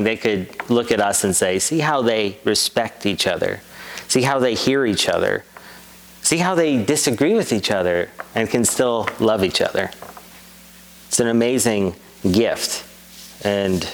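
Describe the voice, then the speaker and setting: Priest, man, mid-pitched voice, earnest measured sermon delivery with repetition. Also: low-quality recording.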